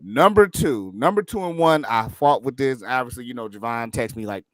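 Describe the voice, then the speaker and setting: Lively, bright-voiced man on a podcast. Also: medium pitch, moderate pace, no echo. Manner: animated, joking, counts down his list. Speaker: guest. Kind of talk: casual podcast chat. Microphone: new microphone.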